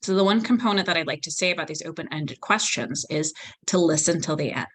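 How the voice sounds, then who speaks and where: A woman leading a volunteer training session, explaining calmly and acting out example phrasings. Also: low voice, fast talker. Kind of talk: training lecture.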